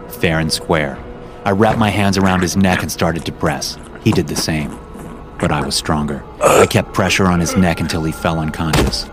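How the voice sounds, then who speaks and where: A man with a very low voice narrates a first-person horror story for his podcast, reading steadily from a script. Music plays underneath him, and he raises his voice for the quoted lines. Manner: acts out quoted lines louder and higher.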